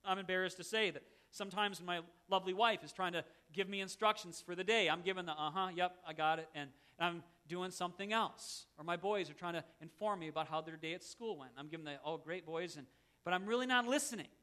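Bright-voiced man preaching a sermon. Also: high voice, quick pace. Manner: earnest, conversational preaching with self-deprecating asides. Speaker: pastor.

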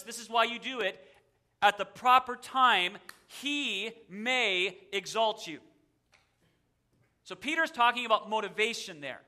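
A man's voice: high voice, sharp tone. A male pastor preaching a sermon in a church, emphatic and repeating a verse with shifting emphasis. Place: church sanctuary.

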